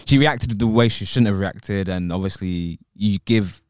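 A man co-hosting a podcast in casual chat, animated, using street slang and quick to laugh. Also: fairly low pitch, dry recording, clean studio sound. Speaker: podcast co-host.

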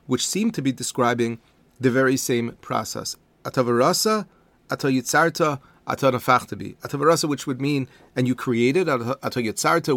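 Calm man teaching, dry sound. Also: medium pitch, no echo. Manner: calm, deliberate explanation with Hebrew terms. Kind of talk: measured spoken lesson on prayer.

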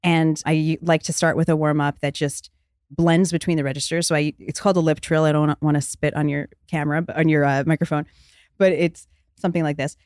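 A woman's voice: low-pitched, flat delivery, brisk, a little mellow, no room sound, studio quality. A woman who is a singer and vocal coach, chatting in an interview with frequent laughs and a slightly stuffed-up voice. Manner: chatty, laughs often, explains with analogies. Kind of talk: casual interview chat.

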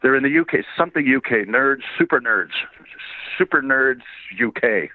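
A man's voice: medium pitch, expressive, moderate pace, no echo. A man from Canada, a voice actor guest, telling rambling anecdotes with frequent chuckles in a casual interview. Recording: tinny phone-like line, dry.

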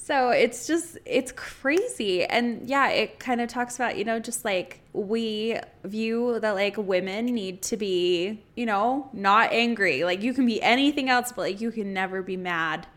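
A woman co-hosting a podcast in casual chat, animated and indignant, laughing between her points. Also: mid-range voice, measured pace, hardly any pauses. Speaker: podcast co-host.

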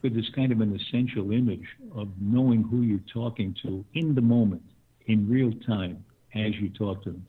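Older man, low husky voice, phone line. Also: moderate pace. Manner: thoughtful, chuckling, with restarts. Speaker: guest. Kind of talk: conversational interview.

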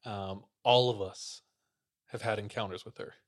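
A man's voice: lowish voice, fairly even intonation, unhurried. Laid-back man retelling a listener story. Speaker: podcast host. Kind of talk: casual storytelling to co-hosts.

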